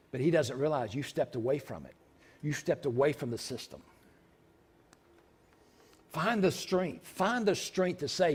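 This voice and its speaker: Emphatic preaching man, higher voice. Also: lively intonation, normal speed, breathy edge. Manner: preaching with sudden shouted outbursts; repetitive, emphatic delivery. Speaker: pastor. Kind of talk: sermon. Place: church sanctuary.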